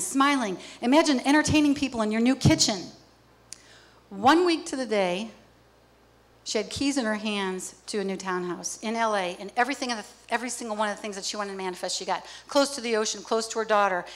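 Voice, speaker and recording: Woman, motivational stage speaker, animated storyteller. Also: fairly high pitch. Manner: lively, acts out little scenes. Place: theater stage.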